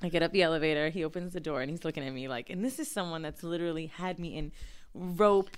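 Young woman spilling a raunchy story, low smooth voice, cursing a lot. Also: fast talker. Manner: profane, animated storyteller acting out quotes. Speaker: podcast co-host. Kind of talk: explicit casual chat and storytelling.

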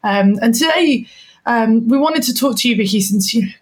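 A woman hosts a podcast in a casual interview chat, asking questions and occasionally stumbling over her words. Her voice is fairly high-pitched and animated, at a moderate pace.

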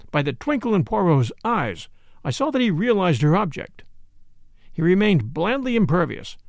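A man's voice: a little high, gravelly, no room sound. A man giving a dramatic, dry-humored first-person reading of a classic mystery novel. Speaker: audiobook reader.

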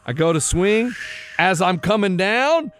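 Man, animated storyteller, high voice, very lively pitch, bright, dry close mic. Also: measured pace, soft background music. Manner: animated storyteller, acts out quotes. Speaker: co-host telling a story. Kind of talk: casual chat.

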